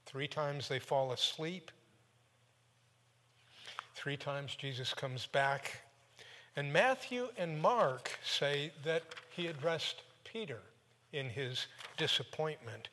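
A male preacher tells his sermon animatedly, speeding up in bursts and then dropping low. His voice is fairly high and rings with a long reverb, as in a church hall. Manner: animated, with quick bursts and sudden drops. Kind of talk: sermon storytelling.

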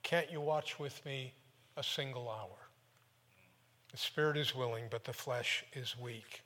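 A preacher voicing a calm, gentle male spiritual teacher who speaks in a soft, measured way. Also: medium pitch, big-room sound, voice pushed down. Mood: sorrowful.

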